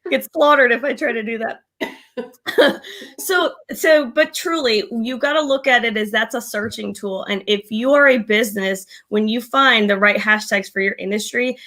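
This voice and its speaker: A woman co-hosting a casual live marketing chat, chatty and quick to laugh. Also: a little high, pushed and bright. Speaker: co-host. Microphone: desk mic with a gain knob.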